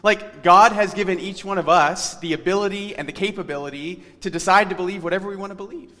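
A man preaching a sermon in an earnest, emphatic way, slowing down to read scripture aloud. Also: high-pitched, bright, forceful tone, in a large hall.

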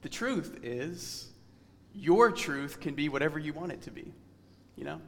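A man preaching a sermon in an earnest, emphatic way, slowing down to read scripture aloud. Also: a little high, animated, in a large hall.

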